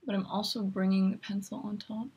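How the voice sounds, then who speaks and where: A woman's voice: medium pitch, level tone, a little fast, a little mellow, husky, lo-fi sound. A woman hosting a makeup tutorial, chatty and instructive as she talks through each step while demonstrating.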